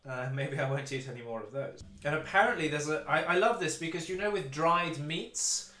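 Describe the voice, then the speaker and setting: The voice is fairly high, a little fast, and sharp, echoing around the room. It's a young adult Englishman hosting a laid-back food-review podcast, sitting at a table among friends, delivering things in a wry, mock-formal way with frequent laughter.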